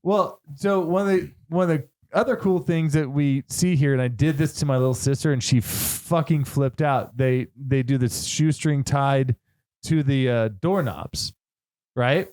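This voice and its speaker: A man's voice: medium pitch, unhurried, a little mellow. A man co-hosting a movie podcast, chatting casually and swearing freely. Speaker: podcast co-host. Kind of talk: casual chat.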